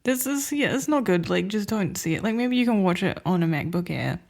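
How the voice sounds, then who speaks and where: A woman's voice: mid-range voice, animated, a little fast, gravelly, a little mellow. A woman co-hosting a podcast, chatting loosely about films she saw, rambling with lots of filler words and frequent laughs. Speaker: podcast co-host. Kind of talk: casual chat reviewing films.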